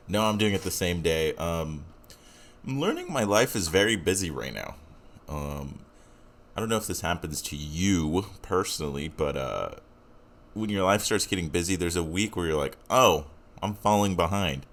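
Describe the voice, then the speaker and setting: Low-voiced rambling young podcast host. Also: male voice, lively intonation, normal speed. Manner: rambling, self-deprecating, filler-heavy. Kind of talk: casual solo podcast intro.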